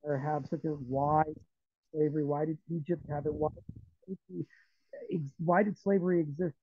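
A man talking as an interview guest over a remote call, rambling and animated, restarting his sentences often. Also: on the high side, moderate pace, dry recording. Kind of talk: conversational interview. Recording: tinny, phone-like dry sound.

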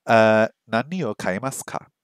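A man's voice: fairly low pitch, lively intonation, moderate pace, smooth, dry recording, studio quality. A man on a casual study stream, thinking aloud, repeating phrases over and over and joking at his own mistakes. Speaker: streamer learning a language. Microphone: streaming microphone that picks up his voice weakly.

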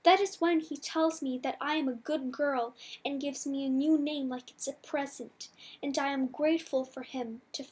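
A woman reading a novel aloud in the first person, measured and softly dramatic. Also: sits high, fairly even intonation. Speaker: audiobook reader.

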